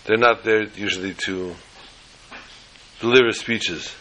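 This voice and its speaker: A man giving a storytelling sermon as a religious teacher, animated and emphatic, piling up repeated phrases. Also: lowish voice, measured pace, slight background noise, rough recording.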